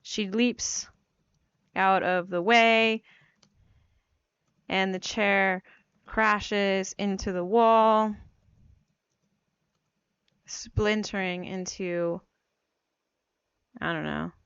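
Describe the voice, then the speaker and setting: A woman's voice: mid-range voice, steady tone, extremely slow, pauses often, fairly bright tone, clean tone, no room sound, highs cut off. A woman teaching fiction writing in a casual, chatty tutorial, self-deprecating and full of fillers, talking while she types and just getting over a cold. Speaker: writing coach. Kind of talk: casual screen-share tutorial. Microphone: new microphone.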